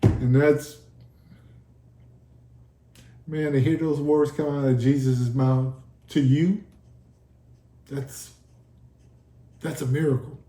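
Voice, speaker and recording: This guest's voice sits fairly high, steady and dark, moving slowly with frequent pauses. He gives an earnest testimony of his near-death experience in a relaxed sit-down conversation, performing the dialogue as he goes, and the room echoes.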